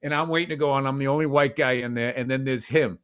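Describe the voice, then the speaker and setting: Bright-voiced man telling profane stories. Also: medium pitch, quick pace, clean tone. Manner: profane, animated storytelling. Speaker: podcast host. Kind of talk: casual chat, storytelling.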